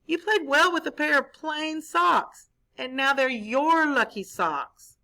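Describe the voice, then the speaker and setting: A woman's voice: high-pitched, slow, bright, forceful tone, pitched above the performer's own voice, heavily acted. A woman voicing a young girl in a children's story, speaking plainly and earnestly. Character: young girl, disappointed soccer player.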